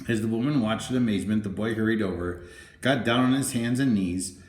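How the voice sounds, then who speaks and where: A man narrating a children's storybook in a gentle, even reading voice. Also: fairly low pitch, fairly quick. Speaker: audiobook narrator. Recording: roomy, echoey room.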